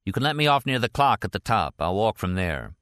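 Man as a terse middle-aged spy, deep voice, dry audiobook read. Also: sing-song, fairly quick, a bit bright, no echo. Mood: wry.

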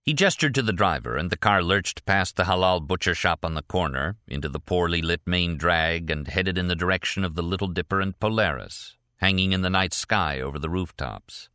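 An audiobook narrator reads a novel from a script, steady and deliberate. His very deep voice is crisp and forceful, captured in a close, dry recording without echo.

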